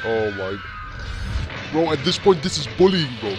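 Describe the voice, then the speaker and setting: A young man hosting a casual reaction video, excitable and constantly saying bro, with loud music behind him. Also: fairly high pitch, moderate pace, long pauses.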